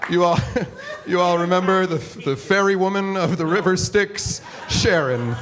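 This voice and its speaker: A man's voice: sits high, normal speed, a bit bright. A man hosting a live stage show, bantering playfully with laughter between acts. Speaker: host of a live tavern performance. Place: live performance hall with audience. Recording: live recording with noisy crowd.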